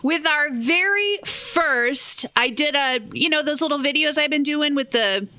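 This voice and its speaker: A woman co-hosting a casual podcast, telling stories and laughing easily. Her voice is bright and forceful and sits a bit high. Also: animated, a little slow. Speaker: podcast co-host. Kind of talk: casual chat.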